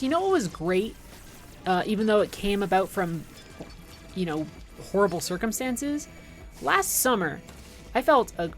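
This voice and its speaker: A woman in her thirties chatting casually on a gaming livestream, ranting sarcastically and swearing, with frequent restarts. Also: lowish voice. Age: 30s. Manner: rambling, profane, sarcastic rants with restarts. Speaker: streamer.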